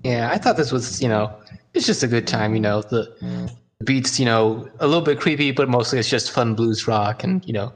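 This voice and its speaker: A man's voice: mid-range voice, lively intonation, fairly quick, faint music behind. A man co-hosting a podcast, chatting casually about songs with many fillers and jokes. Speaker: podcast co-host. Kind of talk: casual music chat.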